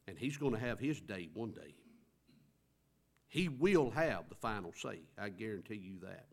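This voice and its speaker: A man's voice: lowish voice, very animated, normal speed, vocal fry. A male pastor, preaching a sermon in a church with rhetorical questions and rising emphasis. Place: church sanctuary.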